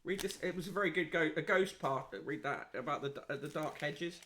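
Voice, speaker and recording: Male podcast host, high bright voice, dry sarcastic reader-commentator. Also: brisk, a little hiss or hum. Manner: wry, sarcastic asides between readings. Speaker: podcast host reviewing print media. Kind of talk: casual read-aloud commentary.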